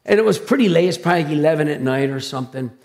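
A male pastor with a high, gravelly voice delivers his sermon. He talks loudly and with animated drama, throwing himself into his stories. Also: rapid-fire. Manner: loud, animated, dramatic storytelling. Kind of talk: sermon with personal storytelling.

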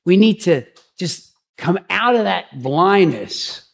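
Husky, gravelly man preaching casually. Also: sits high, lively intonation, slow. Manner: chatty and rambling, with frequent restarts and asides. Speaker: pastor. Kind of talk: conversational sermon.

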